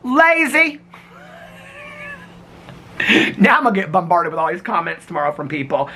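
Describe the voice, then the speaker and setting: Chatty vlogger guy reading comments, super animated, bright voice, calls everyone honey. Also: fairly high pitch, normal speed, gravelly, slight background noise. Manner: animated and giggly, teasing viewers by name; gossipy, calls people honey and sweetheart. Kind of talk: casual chatty vlog, reading viewer comments.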